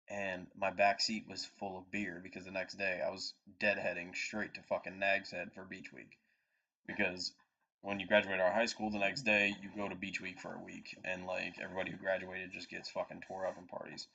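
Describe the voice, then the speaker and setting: A man in his twenties swaps stories on a podcast, swearing freely as he winds through an anecdote. His voice sits a little low, and the audio comes through dull and lo-fi. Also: creaky. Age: 20s. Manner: profane, animated anecdote-telling. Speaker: podcast co-host. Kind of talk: casual storytelling chat.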